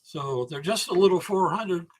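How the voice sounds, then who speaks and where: A man in his seventies, a guest on a podcast, telling rambling, animated anecdotes about engine building and often restarting his sentences. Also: high-pitched, moderate pace. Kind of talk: storytelling podcast interview.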